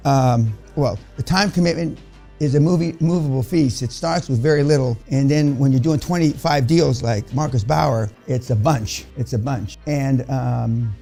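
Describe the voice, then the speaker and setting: A man's voice: medium pitch, normal speed, gravelly, dark tone, faint music behind. An older man giving a blunt, profane motivational lecture to a seminar audience, rambling with many restarts. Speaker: seminar speaker.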